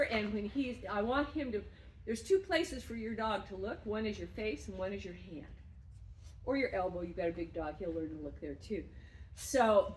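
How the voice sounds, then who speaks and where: A woman dog trainer coaching a student through footwork and play, breaking into high, excited praise when she plays with the dog. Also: normal speed, a little hiss or hum, poor audio. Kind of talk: remote training lesson.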